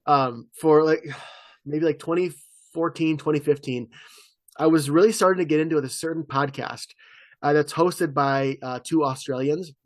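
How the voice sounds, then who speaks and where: A man co-hosting a podcast, chatting casually in a rambling way with quick asides. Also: on the high side, steady tone, no echo. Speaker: podcast co-host. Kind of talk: casual chat.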